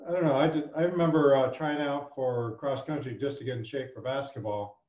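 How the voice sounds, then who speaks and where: A man chatting as a podcast guest, halting and unsure, laughing between phrases. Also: mid-range voice, steady tone, a little mellow. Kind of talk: casual chat. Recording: roomy lo-fi recording.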